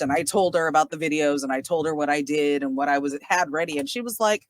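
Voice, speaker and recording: A woman in her thirties from Southern California hosting a casual podcast chat, animated, laughing often and swearing casually. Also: low voice, quick pace, few pauses, dry recording. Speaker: podcast host.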